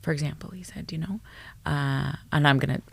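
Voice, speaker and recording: A woman, a psychologist guest on a podcast, telling stories in an animated, blunt way, swearing freely and dropping to a hushed tone at tender moments. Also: deep voice, fairly quick, vocal fry, husky, dry recording. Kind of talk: storytelling in a podcast interview.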